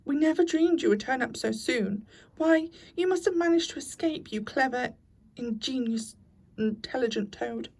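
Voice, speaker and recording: A woman's voice: high-pitched, lively intonation, normal speed, darkish tone, distant mic, voice pushed up. A woman doing a homely, grumbling mole. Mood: delighted. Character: kindly, blunt, hungry male mole.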